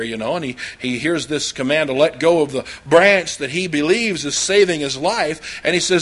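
An older man preaches in a high-pitched voice from the pulpit. He wanders through homespun stories and asides, with plenty of fillers and restarts along the way. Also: moderate pace, few pauses, a bit bright. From Oklahoma. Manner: folksy, rambling, with anecdotes and frequent fillers. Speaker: pastor. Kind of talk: sermon.

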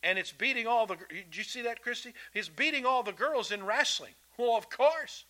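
A man's voice: extremely high pitch, normal speed, sharp tone, poor audio. A man preaching a sermon to kids and grown-ups, talking in a folksy, emphatic way and restarting his words often. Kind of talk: sermon to children and adults.

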